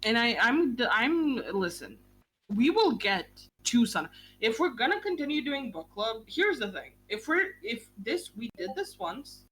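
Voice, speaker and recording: Animated young woman hosting a book club. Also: on the high side, a little hiss or hum. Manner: animated, quick and gushing, swears casually. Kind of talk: casual chat.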